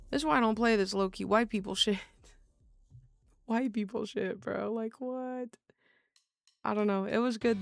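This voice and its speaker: A woman's voice: medium pitch, gravelly. A young woman streaming a game, chatting in a loose, slangy, profane way. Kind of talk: casual game streaming chat.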